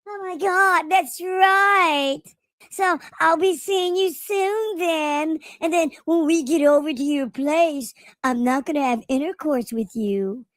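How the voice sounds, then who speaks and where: A flustered, timid young man gushes and stammers, his voice pushed up to a very high squeak, as a man mocks him. It sounds close and dry, with no room around it. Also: slow, fairly bright tone, no room sound, exaggerated voice. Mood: giddy. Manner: stammering, gushing.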